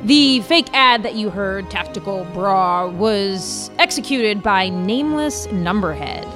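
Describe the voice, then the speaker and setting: A woman co-hosting a sports podcast, talking in a loose, chatty way with plenty of enthusiasm. Her pitch sits in the middle for a woman, and a little music plays faintly behind her. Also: lively intonation, slow pace. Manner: chatty, enthusiastic, laughs easily. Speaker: podcast co-host. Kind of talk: casual chat.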